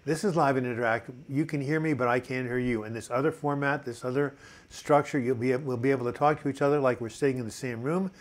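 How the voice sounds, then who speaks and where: Fast-talking, with medium pitch and fairly even intonation, an older man hosts a casual mental health live chat. He chats cheerfully while reading out viewer comments, using plenty of fillers.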